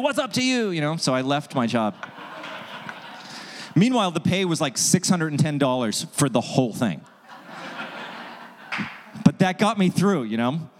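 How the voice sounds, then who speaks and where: A man telling a comic story on stage as host, acting out quoted people with sudden jumps in pitch. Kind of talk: stand-up storytelling. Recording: long hall reverb.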